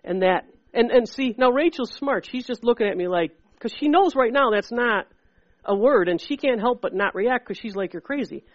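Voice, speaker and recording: A woman preaching a sermon in a lively, conversational way, acting out little voices as she goes. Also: fairly high pitch, moderate pace, dry recording, muffled recording. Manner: animated and conversational, acts out voices.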